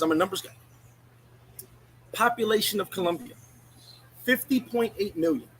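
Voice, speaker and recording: A man's voice: high voice, a little hiss or hum, low-quality recording. A man hosting a casual livestream, ranting bluntly and sarcastically, shifting into chatting with viewers. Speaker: livestream host. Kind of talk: casual live-stream rant.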